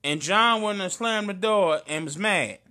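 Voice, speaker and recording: A tearful man with a high, bright voice tells a story from the heart. His talk is slangy, casual and earnest. He sounds close to crying. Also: unhurried. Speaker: friend in conversation.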